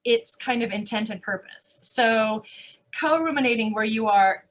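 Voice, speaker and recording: Animated woman answering audience questions. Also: a little high, a little slow. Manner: animated, emphatic, rhetorical questions, many restarts. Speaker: conference speaker. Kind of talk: live Q&A answers.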